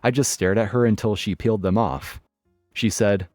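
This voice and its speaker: A man's voice: lowish voice, expressive, moderate pace, a little mellow, no echo. A man narrating online stories in a wry, matter-of-fact scripted style. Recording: dry studio voice with faint music. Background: faint background music.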